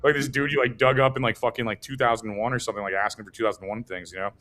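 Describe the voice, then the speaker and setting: A man's voice: medium pitch, steady tone, rapid-fire, a bit bright. A man from the United States ranting in a loose, profane chat, rambling and piling up fillers as he goes. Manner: profane, rambling rant full of "like". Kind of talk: casual chat.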